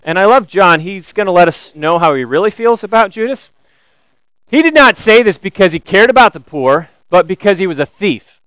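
A man preaching a sermon, animated and building to emphatic questions. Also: high-pitched, normal speed, smooth, no echo, rough recording. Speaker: pastor.

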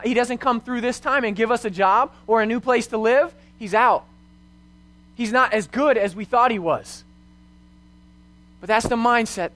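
This sermon comes from a young youth pastor whose high voice has a slightly bright quality. With real earnestness, he teaches by blending personal stories with rhetorical questions.

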